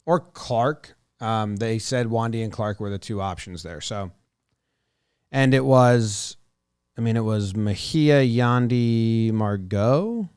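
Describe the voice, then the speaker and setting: A man's voice: on the low side, takes it slowly, a little mellow, smooth, dry recording, clean studio sound. A man co-hosting a casual sports podcast, talking loosely and swearing now and then. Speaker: podcast co-host.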